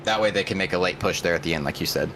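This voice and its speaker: Male color commentator, deeper voice, relaxed talk, noisy broadcast audio. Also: rapid-fire. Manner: relaxed and chatty, often restarting words. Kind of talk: sim racing color commentary.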